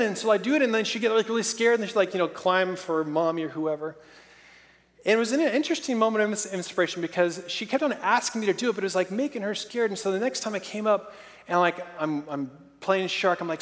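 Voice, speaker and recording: A man in his thirties preaches in a lively, storytelling manner. His voice sits high. It rings out with a long hall reverb. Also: fast. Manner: lively, storytelling with playful sound effects. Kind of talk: sermon.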